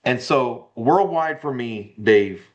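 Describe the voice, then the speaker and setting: Animated man telling a story. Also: mid-range voice, takes it slowly, lo-fi sound. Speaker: guest. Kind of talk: casual storytelling interview.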